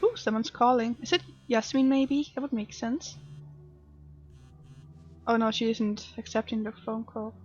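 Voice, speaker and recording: A woman's voice: fairly high pitch, unhurried, long pauses, a little mellow, husky, highs cut off. Chatty woman commenting on a game. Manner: chatty, sympathetic reactions. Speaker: gaming streamer. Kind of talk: let's play commentary.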